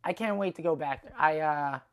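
A man's voice: fairly high pitch, brisk, clear, resonant tone. A male comedian talks through his tour in a loose, rambling monologue. He swears constantly and trips over his own sentences, doubling words and restarting. It sounds offhand and unscripted. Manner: profane, rambling, many restarts. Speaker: stand-up comedian.

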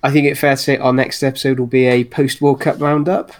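A man co-hosting a casual podcast, agreeable and quick to concede points. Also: medium pitch, little pitch movement. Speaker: podcast co-host.

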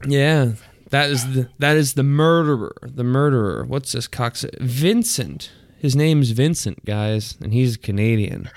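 A man's voice: medium pitch, unhurried, dry recording. Crude, laughing podcast host man. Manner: crude, profane, laughs often while talking. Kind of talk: casual podcast chat.

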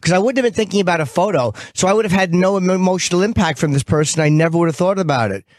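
Male radio host, blunt and profane, lively storyteller, close dry mic. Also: sits high, racing, no room sound. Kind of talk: casual radio banter. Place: radio studio.

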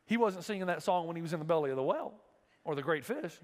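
Man, pastor, preaching a sermon, acts out biblical voices, high voice, reverberant sanctuary. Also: sing-song, quick pace, a bit bright. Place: church sanctuary.

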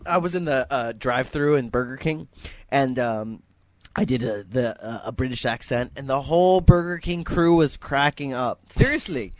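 A man's voice: mid-range voice, normal speed, no echo. A man from Hawaii, co-hosting a prank call podcast with goofy, rambling, crude jokes. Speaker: podcast co-host.

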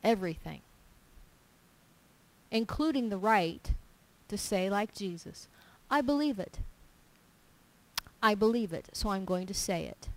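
A woman's voice: medium pitch, measured pace, pauses often, low-quality recording. A woman giving an informal sermon full of personal stories, talking emphatically and repeating her key points. She acts out small dialogues in her own voice as she goes. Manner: animated storytelling, acting out little dialogues in her own voice; emphatic and repetitive. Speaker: preacher.

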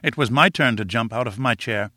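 Measured male audiobook narrator, dry. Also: mid-range voice, bright, forceful tone, no echo. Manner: measured, reflective storytelling. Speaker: audiobook reader. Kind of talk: scripted narration.

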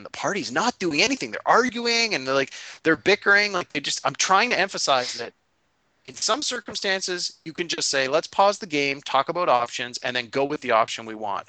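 A man recaps last week's tabletop game as its game master, his voice bright and forward. He tells it casually and animatedly, jumping into his players' lines as he goes. The sound is dry and close. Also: a little high, no room sound, low-quality recording. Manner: animated retelling, quotes players in quick voices. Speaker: game master recounting a session.

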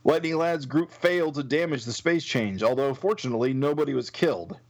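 A man's voice: medium pitch, a little fast, close to an everyday voice. Man playing a martial-arts hero, grave, a bit patronizing, bad news delivered, light comic reading.

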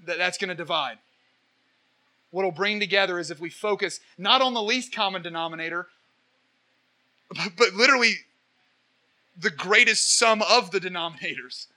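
Young man, high-pitched, sharp and forceful tone, energetic rambling preacher, Q&A talk. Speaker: Catholic evangelist speaker. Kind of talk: impassioned Q&A talk.

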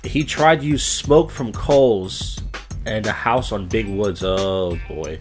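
A man's voice: lowish voice, takes it slowly, darkish tone, faint music behind. Sardonic rambling podcast host, man. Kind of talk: casual comedic news commentary.

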